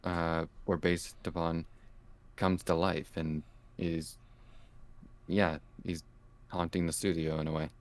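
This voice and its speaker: A man from Canada, a guest on a livestream, speaking calmly and hesitantly with many pauses and fillers. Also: sits low. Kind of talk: casual interview chat.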